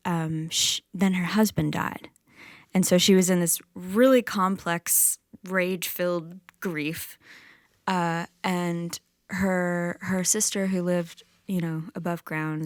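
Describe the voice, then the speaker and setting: Slow, low-voiced woman telling a myth. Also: gravelly, sharp tone, no room sound, clean studio sound. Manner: casual retelling of a myth with fillers. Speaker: singer-songwriter. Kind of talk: spoken storytelling between songs. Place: music session recording on a campus.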